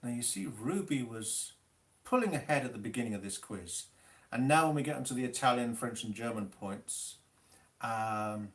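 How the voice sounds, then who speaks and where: Hosting a live online quiz, this music teacher reads Italian terms at a slow pace and teases players about their spelling and the rules. He has a mid-range, animated voice with a fairly bright tone.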